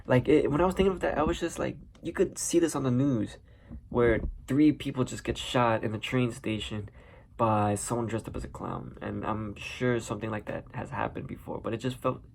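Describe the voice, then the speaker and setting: A man talks through a movie's spoilers in a loose, chatty review. His voice sits at a middling pitch with a gravelly edge. He acts out scenes and punches them up with sound effects, over a faint hiss. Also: fairly even intonation, normal speed, a little mellow. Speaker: movie commentator.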